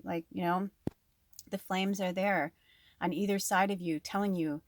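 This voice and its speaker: A woman's voice: fairly low pitch, steady tone, measured pace, slight background noise. A woman giving a casual spiritual card reading in a rambling, chatty way, full of fillers, recorded at home on a farm. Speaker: tarot and oracle card reader.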